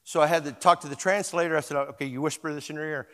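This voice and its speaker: A man with a fairly high voice preaching from a church stage. His sermon moves from quiet storytelling up to loud, emphatic exhortation, and he leads the congregation in repeating key words. The sound carries a long reverb. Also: fairly even intonation, fast, few pauses. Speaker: pastor.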